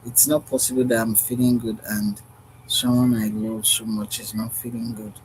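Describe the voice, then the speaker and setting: A man's voice: fairly low pitch, level tone, moderate pace, slight background noise, low-quality recording. A man vlogging outdoors in an earnest, repetitive, musing monologue about love. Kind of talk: unscripted heartfelt monologue.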